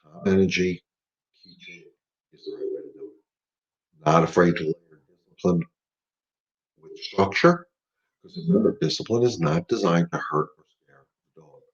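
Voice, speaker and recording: A man's voice: sits low, lively intonation, normal speed, long pauses, breathy edge, dull audio. A middle-aged man hosting a live dog-training Q&A, talking casually and emphatically, repeating his points as he coaches. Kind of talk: casual live-stream talk.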